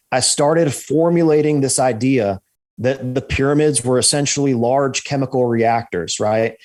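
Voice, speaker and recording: A man, a guest on a podcast, telling a story in a lively way, often checking in with "right?" and restarting his sentences. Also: medium pitch. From United States. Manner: animated, repeats "right?" and restarts. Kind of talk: storytelling in an interview.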